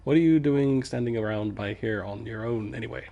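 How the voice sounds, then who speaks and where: A man's voice: mid-range voice, brisk, vocal fry, warm tone, highs cut off, a little hiss or hum, natural voice. A man voicing a cheeky, bossy little male fairy with a blunt, slangy way of barking.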